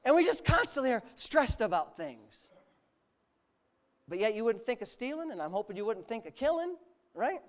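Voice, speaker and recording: A male pastor delivers a sermon with a lively, rising-and-falling voice. He builds his points through long, rhythmic lists and presses them home with emphasis. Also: very high-pitched, normal speed. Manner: animated preaching, builds with repeated lists.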